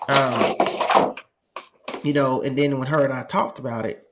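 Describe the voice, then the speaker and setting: A man with a mid-range voice speaks a little slowly as he shares a family story in casual conversation. He's animated, laughs often, and acts out the voices of the people involved, with a noisy background behind him.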